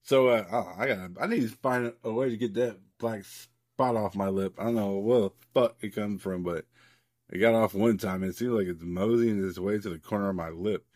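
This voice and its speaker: A man's voice: on the low side, normal speed, a little mellow, dry recording, clean studio sound. A man co-hosting a podcast, casually recapping a comic book in a loose, rambling way, swearing freely and leaning on lots of fillers. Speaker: podcast co-host.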